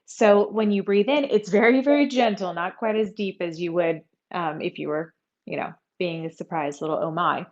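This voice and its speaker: A woman teaching a yoga class, giving calm, conversational instructions and breathing cues. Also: lowish voice, moderate pace, dull audio.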